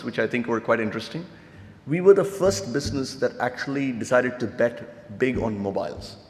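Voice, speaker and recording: A man speaking as a panel speaker at a conference, explaining earnestly with many fillers. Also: medium pitch. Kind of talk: conference talk. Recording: echoey hall.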